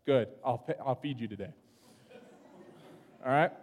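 A middle-aged man preaching a sermon in a church sanctuary, telling stories in a relaxed, conversational way and often checking in with "right?". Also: medium pitch, unhurried, phone-quality sound. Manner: conversational, storytelling, keeps asking "right?". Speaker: pastor. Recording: long hall reverb.

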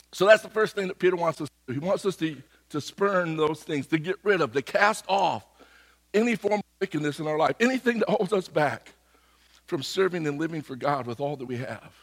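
A middle-aged pastor preaching in a casual, conversational way, his voice a little hoarse. He sits a touch higher than most men and tells his stories with animated energy. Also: moderate pace, big-room sound. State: slightly hoarse. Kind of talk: sermon with personal story.

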